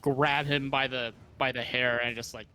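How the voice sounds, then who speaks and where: A man's voice: medium pitch, little pitch movement, moderate pace, bright, forceful tone, slight background noise. A man playing a tabletop game, talking bluntly and swearing freely. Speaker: player. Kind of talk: casual game chat.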